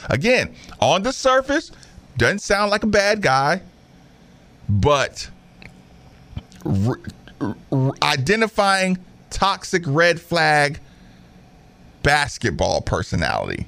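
A man hosting a basketball podcast, talking in an animated, emphatic way, repeating himself and mimicking players. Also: high voice, unhurried. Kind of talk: casual opinionated commentary.

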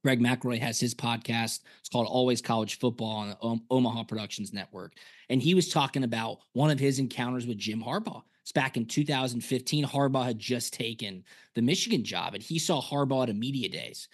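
A former punter co-hosting a casual sports podcast, telling stories and acting out quotes. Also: male voice, medium pitch, brisk. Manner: animated storyteller, acts out quotes.

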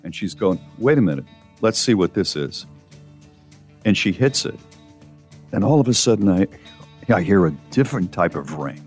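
A man hosting a talk show, casually telling a long, animated personal story and rising in pitch as he relives the frantic parts. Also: moderate pace, long pauses, faint music behind. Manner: animated storyteller, voice climbs high when retelling frantic moments.

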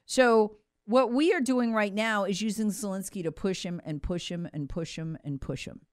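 A woman's voice: medium pitch, normal speed, no room sound, studio quality. A woman delivering an emphatic, sarcastic political commentary monologue as host. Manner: emphatic, sarcastic, acts out quoted voices.

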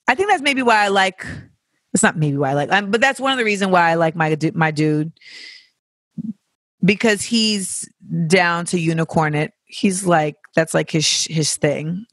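A podcast host talks loosely and frankly, swearing freely and drifting into playful tangents. The voice is sharp and bright. It sits close and dry on the mic, with no room sound. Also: medium pitch, normal speed, no echo. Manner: candid and profane, riffing with playful tangents. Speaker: podcast host answering listener questions. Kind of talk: casual reflective chat.

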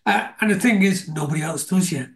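A man's voice: sits high, a little fast, vocal fry. A man from Scotland hosting a casual interview, chatty and enthusiastic, laughing often. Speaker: podcast host.

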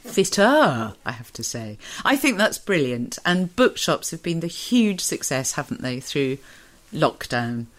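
A woman's voice: deep voice, big pitch swings, measured pace. A woman presenting a book show, reading a novel aloud expressively, then chatting with her co-host.

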